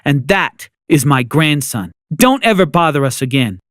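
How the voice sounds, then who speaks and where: A man's voice: a little high, animated, normal speed, fairly bright tone, faint music behind. A man voicing an older grandmother who scolds firmly and speaks tenderly to her grandson. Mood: stern. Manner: firm and scolding, then tender. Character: fierce loving grandmother, older woman.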